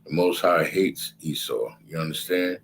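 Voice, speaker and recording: A man's voice: sits low, a little slow, fairly bright tone, a little hiss or hum, poor audio. A man giving a casual scripture lecture in a repetitive, conversational way, often checking in with his listeners. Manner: repetitive, conversational, keeps asking "you understand?". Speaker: religious class teacher.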